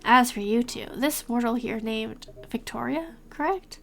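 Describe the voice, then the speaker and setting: A woman's voice: a little high, unhurried, creaky, a bit bright, slight background noise. A woman voicing a stern, impatient male spirit lord in a video game who gives haughty commands.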